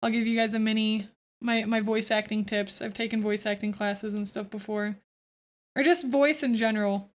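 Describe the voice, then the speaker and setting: A young woman streaming as a VTuber, talking fast and chatty to her chat while giving voice tips. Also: medium pitch, steady tone. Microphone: close desk microphone.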